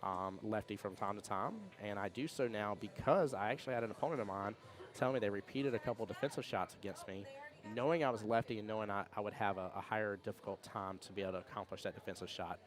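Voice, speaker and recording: A man hosting a pool tournament stream, chatting casually and reading viewer comments in a rambling, storytelling way. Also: fairly low pitch. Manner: fast, rambling storyteller with restarts and laughs. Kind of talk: casual chat with live chat readouts.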